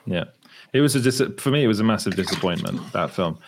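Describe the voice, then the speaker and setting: A man with a slightly low voice chats casually on a podcast. He laughs easily and restarts his sentences mid-thought. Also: animated, fast, a little hiss or hum. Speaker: podcast co-host. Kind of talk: casual chat.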